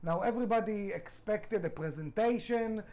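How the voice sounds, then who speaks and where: A man's voice: sits high, normal speed, darkish tone, low-quality recording. A middle-aged man, a restaurant founder, telling his story in a podcast interview, emphatic, swearing freely, with non-native grammar.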